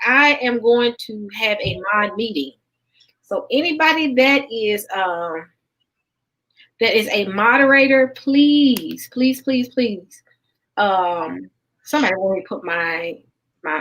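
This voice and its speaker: Southern US woman, stream host, chatty and folksy, slightly high voice. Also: low-quality recording. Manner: lively, folksy, quick to laugh. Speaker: livestream host. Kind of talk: casual late-night livestream chat.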